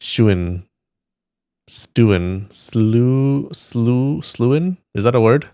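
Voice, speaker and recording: A man streaming live, thinking aloud and slowly sounding out syllables as he works through a word puzzle. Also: mid-range voice, lively intonation, dark tone, clear, resonant tone, no echo. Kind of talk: casual muttering while solving a word puzzle.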